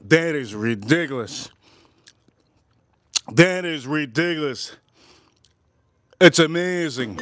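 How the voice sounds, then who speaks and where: A man in his forties hosts a casual livestream, his voice sitting a little high for a man. He rambles from one joke to the next and calls out to his chat in a loud, playful way. The sound is close and dry, with almost no room around it. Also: slow, long pauses, no echo. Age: 40s. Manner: loud, joking, rambling, talks straight to the chat. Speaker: livestream host.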